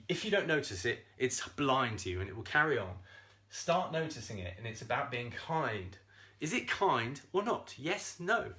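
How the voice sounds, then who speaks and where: A self-esteem coach goes live, speaking straight to viewers in an animated way. His voice sits at medium pitch, and he swears freely and laughs often.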